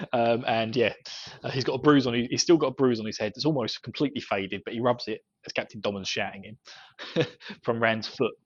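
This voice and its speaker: A man's voice: mid-range voice, moderate pace, breathy edge. Chuckling man recapping on a lo-fi mic. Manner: chuckles often while recapping. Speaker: podcast co-host. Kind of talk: casual book discussion chat. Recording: dull lo-fi podcast audio.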